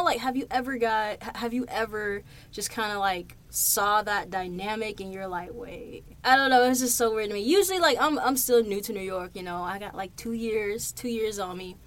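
A young woman hosting her own podcast in a studio, telling stories in a chatty, loose way and swearing freely. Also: mid-range voice. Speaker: podcast host. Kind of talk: casual monologue. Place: recording studio.

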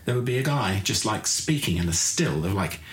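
A man's voice: fairly low pitch, lively intonation, a little fast. A man hosting a podcast in a casual, jokey chat, swearing freely. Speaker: podcast host. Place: backstage green room at a comedy club. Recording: echoey room with noticeable background noise.

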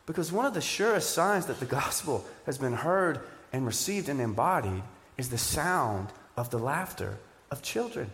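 A man preaching a sermon, animated and joking, asking the crowd questions. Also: on the high side, moderate pace, few pauses. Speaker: pastor. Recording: live church sermon with hall reverb.

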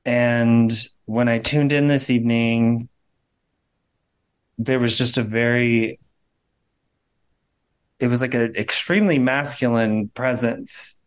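Slow, halting man with nervous laughs. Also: mid-range voice, steady tone, smooth. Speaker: host. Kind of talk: casual group chat about a spirit reading.

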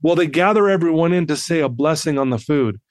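Man in his 50s telling a story as a podcast guest, kinda high voice, super dry sound, does all the voices. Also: brisk, dry recording. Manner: animated, acts out the voices of people in his story. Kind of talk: personal storytelling in an interview.

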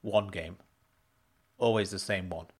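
A man reading a story aloud, voicing an embarrassed husband who answers quietly and evasively. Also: deep voice, steady tone, measured pace, husky. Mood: subdued. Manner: quiet, subdued.

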